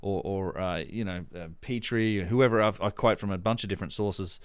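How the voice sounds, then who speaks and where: A man's voice: low voice, a little fast, clear, resonant tone, no echo. A man hosting a casual podcast chat, rambling with many restarts and fillers. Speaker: podcast host.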